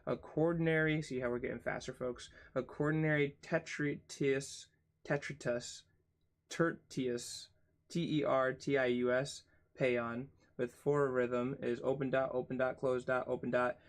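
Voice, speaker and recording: A man reads a textbook aloud at an unhurried pace, stopping to spell difficult terms letter by letter. His tone is casual, and he drops in self-mocking asides between the entries. It plays as a relaxed read-along lesson. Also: medium pitch. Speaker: channel host reading a book aloud.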